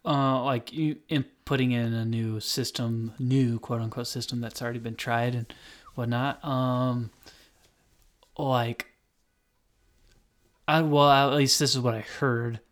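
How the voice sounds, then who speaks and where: A man's voice: medium pitch, steady tone, a little slow, pauses often. A man co-hosting a podcast, chiming in with short replies, jokes and laughter. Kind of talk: casual chat.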